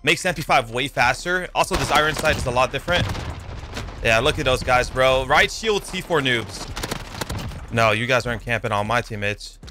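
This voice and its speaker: A young man giving excitable live commentary over his own gameplay, yelping and swearing as the fights heat up. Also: mid-range voice, moderate pace, music in the background. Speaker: gaming YouTuber. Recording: game gunfire loud under the voice.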